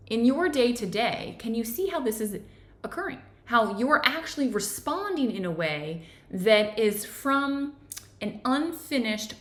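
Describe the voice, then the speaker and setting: A woman's voice: fairly high pitch, a bit bright, echoey room. A woman giving a conversational self-help lesson, often checking in with "right?". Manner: conversational, keeps asking "right?". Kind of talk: guided teaching talk.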